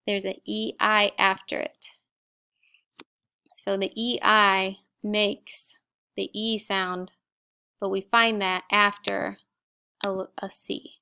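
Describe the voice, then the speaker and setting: Middle-aged woman teacher, smooth and deliberate, sounds out each word for a recorded class lesson. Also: mid-range voice, bright, forceful tone. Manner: slow, clear word-by-word sounding out. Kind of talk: recorded spelling and vocabulary lesson.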